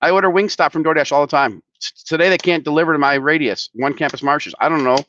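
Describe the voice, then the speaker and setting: A man's voice: on the high side, fast, a bit bright, lo-fi sound, slight background noise. Ranting man on a live stream. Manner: worked up, ranting, swearing, many restarts. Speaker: show co-host, company head. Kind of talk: casual live-stream chat.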